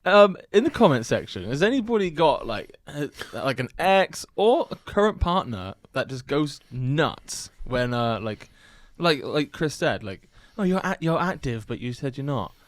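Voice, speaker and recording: A man hosting a casual chat podcast, reacting quickly and laughing often. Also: medium pitch, sing-song, no echo. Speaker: podcast host.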